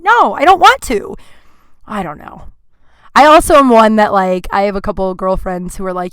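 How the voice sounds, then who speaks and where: Chatty woman podcaster, slightly high voice. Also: animated, fairly quick, fairly bright tone, clear, resonant tone, no echo. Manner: chatty, heavy use of "like" fillers; grumpy, complaining tone. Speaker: podcast host. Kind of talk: casual monologue storytelling.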